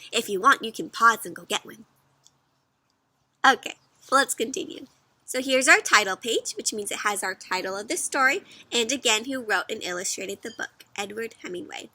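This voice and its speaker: A woman in her fifties reading a picture book aloud to children, pausing to ask them questions and explain the pages in an animated way. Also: fairly high pitch, no echo. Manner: warm, animated, asks young listeners questions. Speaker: children's storyteller. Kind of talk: interactive read-aloud for kids.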